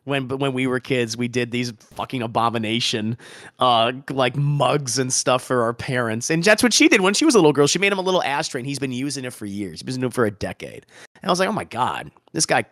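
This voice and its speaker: Bright-voiced excitable male podcast host. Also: mid-range voice, fast talker, no room sound, studio quality. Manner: excitable, swears, retells scenes with many restarts. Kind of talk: casual podcast review chat.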